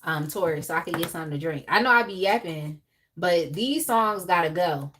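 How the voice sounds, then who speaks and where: Animated woman chatting on a live stream. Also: fairly low pitch, a little fast, a little hiss or hum. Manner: animated, laughing, chatty asides. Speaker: tarot reader hosting a live reading. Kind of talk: casual live-stream chat.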